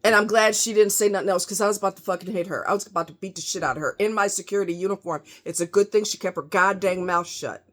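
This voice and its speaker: A woman's voice: mid-range voice, fast, hardly any pauses, a bit bright. A woman ranting angrily to camera, cursing heavily with heated, emphatic delivery. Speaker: vlogger. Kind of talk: angry rant to camera.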